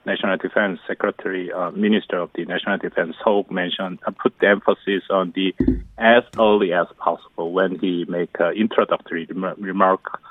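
Low-voiced Korean professor on a phone line. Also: male voice, steady tone, dry recording. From South Korea. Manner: halting, restarts phrases, grammar slips. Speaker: professor of international studies, guest. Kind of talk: phone interview analysis. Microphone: telephone. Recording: tinny dry phone line.

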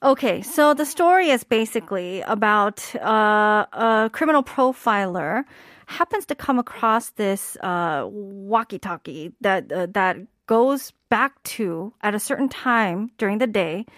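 A woman's voice: medium pitch, animated, measured pace, a bit bright, no room sound, studio quality. Woman co-host explaining trivia. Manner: explains trivia and plots, laughs often. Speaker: radio co-host. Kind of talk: casual radio chat.

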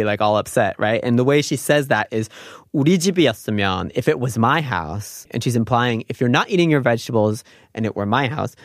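A man explains Korean grammar in a quick, easygoing way, laughing often as he goes. He speaks in a middle pitch, with no room sound around his voice. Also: no echo, clean studio sound. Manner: chatty, laughs often, mixes Korean phrases into English. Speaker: Korean language teacher. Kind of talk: casual explanatory lesson.

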